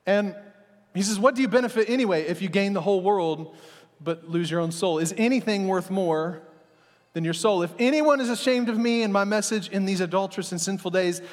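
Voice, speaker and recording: Male pastor, high voice, storytelling sermon with casual asides, long hall reverb. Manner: animated storytelling, voices the disciples in casual speech.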